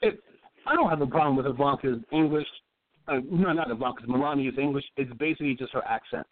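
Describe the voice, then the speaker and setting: A man's voice: mid-range voice, fast, no room sound. A man co-hosting a casual political chat podcast, explaining his points with stammering restarts. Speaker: podcast co-host. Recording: tinny phone-like sound.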